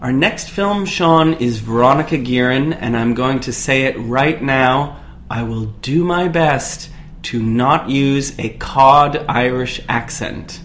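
A man's voice: medium pitch, slow pace, fairly bright tone, a little hiss or hum. An American man co-hosting a podcast, talking in a casual, playful and digressive way. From United States. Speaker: podcast co-host. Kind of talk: casual chat.

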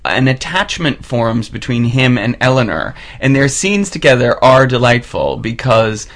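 A man's voice: medium pitch, big pitch swings, unhurried, a bit bright. Film podcast host, male, playful and teasing, mid-range voice. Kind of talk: film review chat.

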